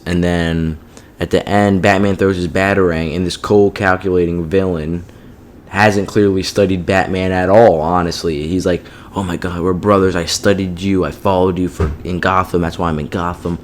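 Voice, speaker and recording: A man's voice: deep voice, a little mellow, a little hiss or hum. A man giving a casual, profane review of a TV show, exasperated and peppered with "like" and "you know what I mean".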